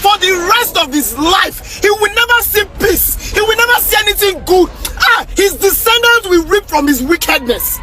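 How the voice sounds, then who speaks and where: A Nigerian man delivering an angry political rant, shouting and cursing in fury. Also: very high voice, expressive, normal speed, hardly any pauses, music in the background. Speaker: political commentator.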